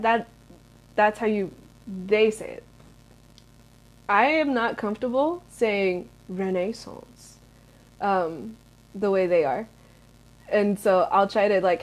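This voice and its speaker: A young American woman in her twenties, answering viewer questions in a rambling, chatty vlog with lots of fillers. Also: medium pitch. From United States. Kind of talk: casual Q&A chat.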